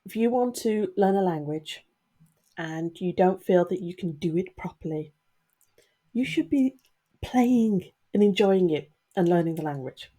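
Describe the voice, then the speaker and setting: On the low side with a dark tone, her voice has lively intonation and a somewhat slow pace. The middle-aged YouTuber speaks candidly to camera, earnest and emotional with her viewers, sniffling a little.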